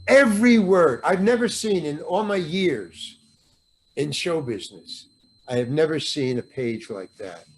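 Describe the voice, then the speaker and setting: An older actor, a guest on a podcast, tells an anecdote with animated storytelling, acting out the voices of the people he quotes and swearing freely. His voice is fairly high in pitch.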